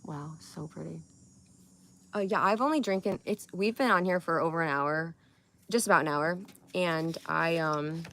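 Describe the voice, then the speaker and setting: A woman's voice: lowish voice, a bit bright, a little hiss or hum. Rambling, giggly young woman live-streaming. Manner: chatty, giggly, rambling, swears casually. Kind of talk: casual live-stream chat.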